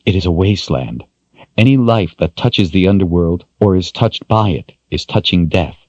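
A man's voice: low-pitched, expressive, moderate pace, darkish tone, dry recording, dull audio. A man voicing a traumatized young woman haunted by the dead, speaking in a grave, fragile tone.

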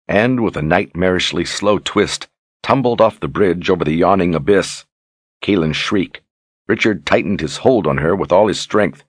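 A man reading a fantasy novel aloud in steady, measured scripted narration. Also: deep voice, slightly rough, dry recording. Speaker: audiobook narrator.

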